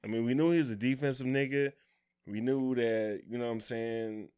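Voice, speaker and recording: A man co-hosting a podcast, chatting casually about basketball, profane and animated, acting out quotes and laughing often. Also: mid-range voice, fairly quick, clear, resonant tone. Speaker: podcast co-host. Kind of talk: casual sports chat.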